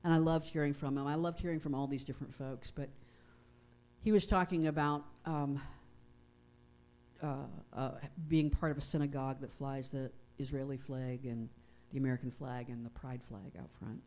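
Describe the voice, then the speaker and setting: A woman pastor giving a conversational sermon, reading prayers slowly and reflectively. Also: rumbling low, fairly even intonation, mellow. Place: church sanctuary.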